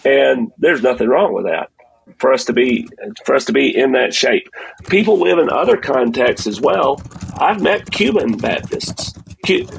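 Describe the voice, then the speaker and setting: A man who is a pastor, guest on a podcast, answering questions in a measured, thoughtful way. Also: medium pitch, slight background noise, poor audio. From Texas. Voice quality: gravelly and husky. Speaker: pastor and denomination president, guest. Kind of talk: conversational interview answers.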